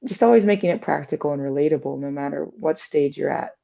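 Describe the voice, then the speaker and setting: Woman, low pitch, mellow tone, casual reflective chat, filler-heavy, dull lo-fi audio. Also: quick pace, creaky. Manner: many fillers, acts out quoted voices.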